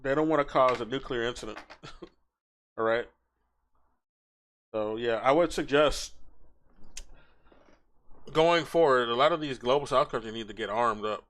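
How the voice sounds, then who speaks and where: A man's voice: medium pitch, measured pace, pauses often, a bit bright. A young man ranting with crude, mocking commentary while reacting to a video on a stream. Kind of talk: casual profane commentary.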